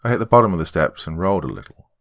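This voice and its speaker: Very deep-voiced man narrating horror. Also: sing-song, racing. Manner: dramatic first-person storytelling. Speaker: horror podcast host and narrator.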